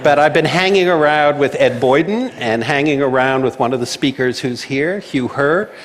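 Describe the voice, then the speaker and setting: A man's voice: mid-range voice, normal speed. A man giving a talk with onstage questions, explaining in a confident way. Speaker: speaker. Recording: long hall reverb.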